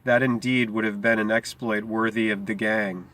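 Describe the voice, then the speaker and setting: A man reading aloud as a teenage boy who leads a gang, lifting his questions higher with a sharp, scornful edge. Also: steady tone, normal speed, close to an everyday voice.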